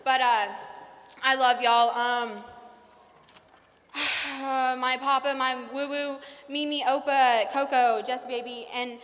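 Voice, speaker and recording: A woman's voice: on the high side, fairly bright tone. Nervous young woman. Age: young adult. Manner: nervous, fast, many fillers. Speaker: salutatorian giving a graduation speech. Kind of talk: graduation speech. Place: large hall. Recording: reverberant hall.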